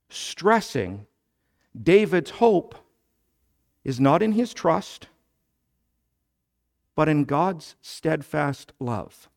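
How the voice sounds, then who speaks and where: Male pastor, sermon delivery; slow, measured, gravelly tone that swells to emphatic prayer. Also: fairly high pitch, sing-song. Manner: preaching, rising to loud emphatic petitions; explains scripture slowly, then builds to loud emphatic petitions.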